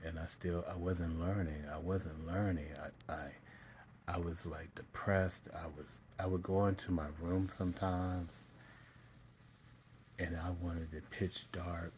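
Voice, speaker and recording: Deep-voiced man telling a painful story. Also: little pitch movement, a little mellow, a little hiss or hum. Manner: halting, repeats himself, pauses to collect himself; earnest and emotional. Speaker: vlogger telling his life story. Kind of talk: personal confessional storytelling.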